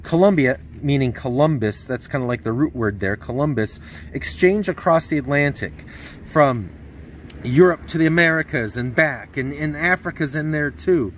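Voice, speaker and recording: A man's voice: a little high, normal speed, slight background noise. Man giving a casual history lecture. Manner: conversational, many fillers and restarts, rhetorical questions. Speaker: history teacher. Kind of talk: recorded lecture.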